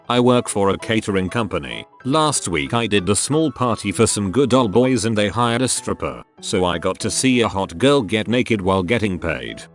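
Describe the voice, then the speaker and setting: A man with a fairly low voice reads out forum stories, his pitch rising and falling in a lively, animated way. Faint music plays softly behind him. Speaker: narrator. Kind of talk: reading forum posts aloud.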